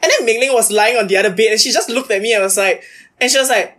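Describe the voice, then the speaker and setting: A woman's voice: fairly high pitch, racing, slightly rough. A young woman, a guest chatting in an interview and packing her talk with "like" fillers. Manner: chatty and animated, many "like" fillers. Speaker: podcast guest, university debater. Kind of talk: casual interview chat.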